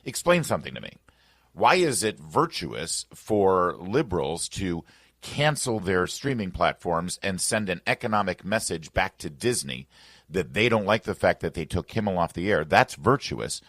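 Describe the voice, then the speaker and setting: A man's voice: deep voice, sing-song, normal speed, fairly bright tone, no room sound, studio quality. A man hosting a political talk radio show, arguing emphatically with rhetorical questions. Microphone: studio microphone.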